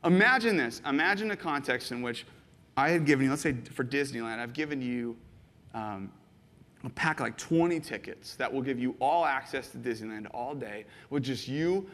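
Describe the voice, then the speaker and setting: A man preaching a sermon, animated and playful, acting out little scenes and jumping into excited voices for the people in his stories. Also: normal speed, long reverb tail. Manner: animated, jumps into high excited voices when quoting. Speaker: pastor. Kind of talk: sermon with acted-out illustrations.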